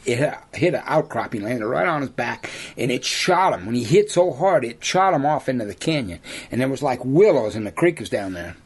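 A man's voice: medium pitch, big pitch swings, a little fast, husky. A man who works as a hunting guide, telling rambling yarns in an interview, often saying "you know" and laughing at his own stories. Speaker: lion hunter and outfitter guest. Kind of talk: storytelling in an interview.

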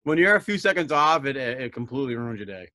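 A man's voice: medium pitch, very animated, quick pace, pushed and bright. A man co-hosting a casual comics review show, joking and self-deprecating. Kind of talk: casual podcast chat.

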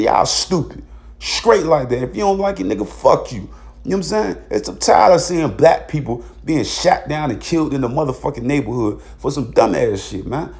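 A man's voice: fairly high pitch, vocal fry, darkish tone. A man, ranting bluntly in a heated, profane vlog commentary. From Virginia, USA. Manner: repeats filler tags. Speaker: vlogger. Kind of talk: angry commentary monologue.

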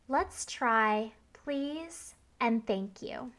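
A woman hosting her ASMR channel, leading a manners-practice role-play at normal volume with slow, patient repeat-after-me phrases. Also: on the high side. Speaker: ASMR creator.

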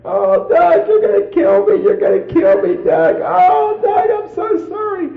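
A man preacher voicing a frantic, sobbing young mother who thinks her baby is lost, in a high wailing shout. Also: wildly swooping pitch, unhurried, gravelly, soft background music, exaggerated voice. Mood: distraught wailing. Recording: roomy, tinny phone-like old tape.

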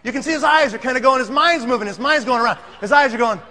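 High-voiced man telling a comic story. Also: fast. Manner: animated, laughing, dramatic. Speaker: speaker.

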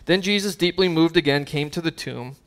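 A man's voice: fairly high pitch, fairly quick. A man preaching a sermon as pastor, earnest and conversational, with casual asides and fillers.

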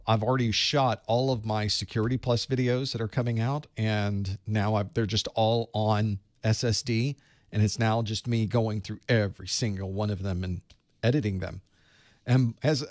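Before a study session, a middle-aged IT certification instructor chats casually on a livestream, greeting viewers by their locations and rambling about his work. He's in a small dark room, his voice is lowish, and the studio-quality audio has no room sound.

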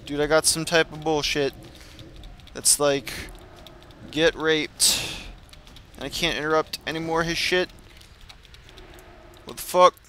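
A man's voice: fairly high pitch, fairly even intonation, measured pace, bright, forceful tone, slight background noise. A man swearing and trash-talking through frustrated gameplay commentary. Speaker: gamer.

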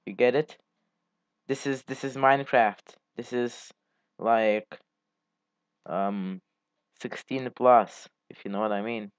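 A man giving casual, halting gameplay commentary as a channel host. He rambles and swears casually as he plays. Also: medium pitch, fairly even intonation, clear, resonant tone, no room sound. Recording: dull lo-fi mic.

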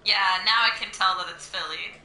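A woman's voice: mid-range voice, fairly quick, sharp tone. A Canadian woman with a Canadian accent, chatting and giggling while she comments on a video game in a rambling way. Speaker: game streamer. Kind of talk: casual let's-play commentary. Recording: echoey room with faint music.

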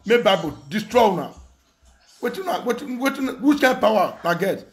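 A young adult Nigerian man, an online commentator, rants angrily in Nigerian Pidgin English, throwing insults, laughing mockingly and repeating phrases. His voice is high-pitched and very animated, and he talks a little fast.

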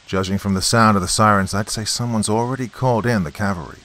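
A steady small-town cop with a low voice, practical and commanding, as a male narrator puts him on. His lines sit close to the teller's own storybook tone. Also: quick pace, natural voice. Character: level-headed male small-town police officer.

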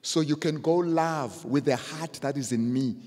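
A man preaching a sermon as pastor, swinging from quiet asides to shouted emphasis. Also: on the high side, moderate pace. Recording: long hall reverb.

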